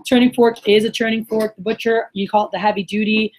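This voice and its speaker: The recording is low quality, and the young woman's voice is fairly high with little pitch movement, fast and darkish in tone. She's a sales trainer leading a workshop before a group in a meeting room, chatty and energetic, quizzing people and performing customer reactions.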